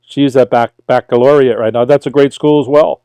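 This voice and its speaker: A middle-aged man from Brooklyn with a New York accent hosts a casual livestream as a tutor. He reads viewer questions aloud and answers them in an easygoing, chatty way. His voice is smooth and clear, mid-pitched, and recorded dry and close. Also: steady tone, a little fast, mellow, no room sound.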